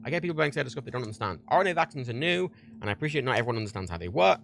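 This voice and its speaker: A man's voice: mid-range voice, very fast, creaky. A man hosting a livestream, ranting heatedly and swearing a lot as he gives his opinions. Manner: heated, profane, animated. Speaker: livestream host.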